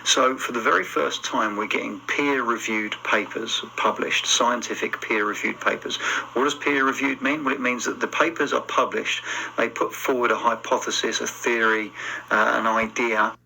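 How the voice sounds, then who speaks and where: Man, social media commentator, gravelly and bright-toned, measured and emphatic. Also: medium pitch, steady tone, a little hiss or hum, poor audio. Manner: careful, emphatic, hedging. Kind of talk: talking to camera.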